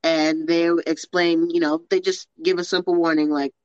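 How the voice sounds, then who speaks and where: A woman's voice: deep voice, level tone, moderate pace, no echo. Woman steering a movie chat, dry lo-fi sound. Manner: steers the talk, hesitant restarts. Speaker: podcast co-host. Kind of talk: casual movie discussion.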